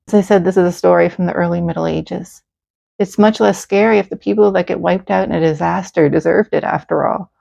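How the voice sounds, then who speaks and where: A woman's voice: medium pitch, gravelly, a little mellow. A woman narrating a history legend with earnest, dramatic storytelling. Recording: slightly dull, faint music.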